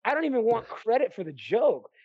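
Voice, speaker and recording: A man co-hosting a podcast, chatting casually about movies in an animated, ranting way and swearing freely. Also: very high-pitched, brisk, slightly rough, no echo. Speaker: podcast co-host. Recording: dry, dull lo-fi sound.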